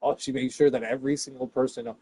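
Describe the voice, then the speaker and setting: A man ranting to his viewers in a rambling, profane monologue, swinging between loud bursts and hushed asides. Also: medium pitch, fairly even intonation, fast, slightly rough.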